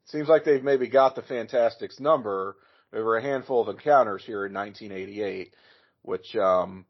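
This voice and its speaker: A man's voice: lowish voice, normal speed. A man co-hosting a casual podcast chat, thinking aloud and restarting his sentences. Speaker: podcast co-host. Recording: dull lo-fi audio.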